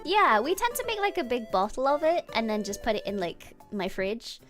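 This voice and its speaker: A young woman with a British accent chatting on a stream, her voice high and full of swooping, lively pitch. She talks in a bubbly, giggly way as she reads out viewer comments, with faint music in the background. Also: normal speed. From Britain. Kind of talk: casual chat with viewers.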